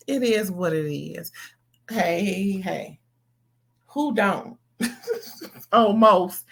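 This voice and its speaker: Woman, put-on Southern accent, unhurried, sassy vlog commentator. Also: medium pitch, gravelly, fairly bright tone. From California. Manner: chatty, sassy, slangy asides to viewers. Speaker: reality TV reviewer.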